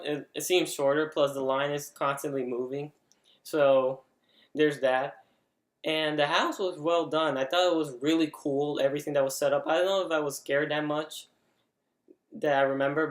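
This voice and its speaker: A man giving a casual spoken review, chatty, with lots of "like" fillers and restarts. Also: medium pitch. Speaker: vlogger reviewing an event. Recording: roomy echo.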